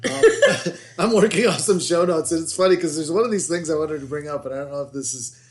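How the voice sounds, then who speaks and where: A middle-aged man with a fairly high, fast voice appears as a guest on his daughter's podcast. He tells family stories in a casual, rambling chat, poking fun at himself and restarting often.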